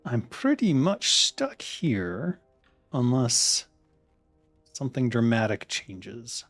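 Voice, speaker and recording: A man's voice: medium pitch, wildly swooping pitch, takes it slowly, a bit bright, no room sound, faint music behind. Man in his thirties, loose chatty streamer, lots of swearing and muttered asides. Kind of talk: casual chat while ordering food online.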